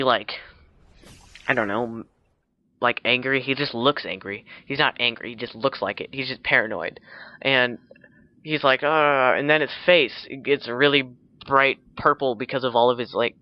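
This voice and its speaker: A man's voice: mid-range voice, muffled recording. A man casually retelling a film plot, rambling with many fillers and self-corrections. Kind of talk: casual spoken plot summary.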